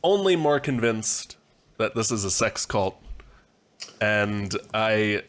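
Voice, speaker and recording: A man's voice: lowish voice, animated, slow, fairly bright tone. A man co-hosting a comedy podcast, making dry, hesitant quips. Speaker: podcast co-host. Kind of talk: casual comedic chat over a call.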